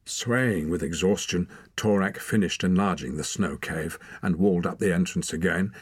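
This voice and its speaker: Deep husky male storyteller. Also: moderate pace, no echo, studio quality. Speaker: audiobook narrator. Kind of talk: scripted narration.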